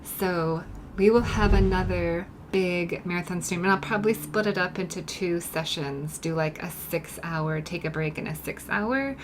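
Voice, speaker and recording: A woman artist chatting softly to her live-stream viewers while she paints in her studio, turning gushing and grateful when they praise her work. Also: lowish voice, steady tone, normal speed, noisy background. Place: home art studio.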